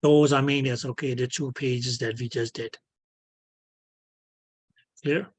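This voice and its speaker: A man teaching an online physics class, slowly and patiently, filling his speech with "okay" and making small grammar slips. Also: medium pitch, steady tone. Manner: repeats "okay" as filler, non-native grammar slips. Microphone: video call.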